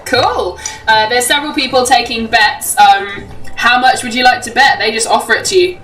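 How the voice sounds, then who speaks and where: Bright-voiced woman narrating a tabletop game. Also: on the high side, moderate pace, recorded from a distance, faint music behind, poor audio. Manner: chatty, laughing often, many ums. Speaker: game master.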